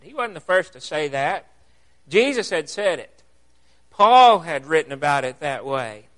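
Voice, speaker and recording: A man preaching in church, his voice sitting high for a man. He takes his time, leaning hard on key words and putting questions to the congregation as he teaches. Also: fairly bright tone. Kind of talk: sermon.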